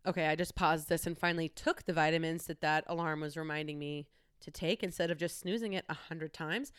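A young American woman talks candidly on her own in a chatty, casual monologue full of swearing. Her low voice is brisk and smooth with fairly even intonation, captured in a clean studio recording with no room sound.

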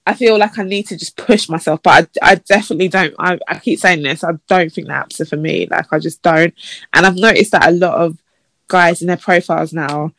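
Speaking fairly quickly in a slightly bright voice with no echo, a woman chats casually as a podcast co-host. She tells stories and mocks messages by reading them out in a high voice.

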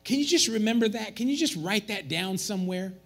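Animated high-voiced pastor preaching. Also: male voice, a little fast. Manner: animated, joking with the congregation. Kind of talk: sermon. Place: church.

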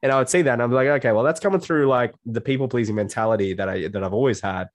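On a casual podcast, a guest life coach with a mid-range voice talks in a rapid-fire way, bluntly and with lots of swearing. He quotes his own self-talk as if acting it out. The recording has no room sound.

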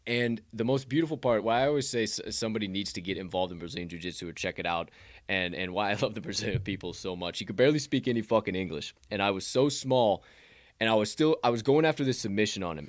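A man's voice: lowish voice, quick pace, no echo, studio quality. A man hosting a sports betting podcast, telling rambling stories in casual, profanity-laced chat. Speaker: podcast host.

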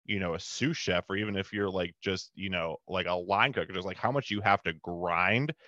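A man's voice: low voice, moderate pace, sharp tone, no room sound, lo-fi sound. A man hosting a podcast, talking in a laid-back, rambling way and dropping in mm-hmms. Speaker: podcast host. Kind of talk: casual podcast chat.

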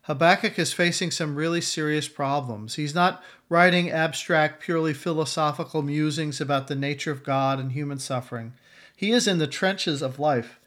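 A middle-aged man with a slightly higher voice teaches from the Bible on his podcast. He talks in an earnest, measured way and speaks straight to the listener. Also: a bit bright. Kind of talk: scripted devotional podcast teaching.

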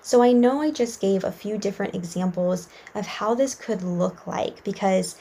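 A woman's voice: mid-range voice, moderate pace, vocal fry, warm tone. A young woman talking casually and earnestly to listeners, reflecting on needs and people-pleasing with frequent fillers. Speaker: self-help podcast host. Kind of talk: casual advice monologue.

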